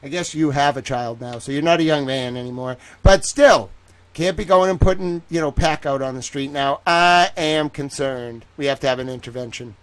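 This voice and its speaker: A man's voice: mid-range voice, fast, hardly any pauses. A man hosting a livestream, talking in a casual, rambling way with joking, self-mocking asides. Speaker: livestream host.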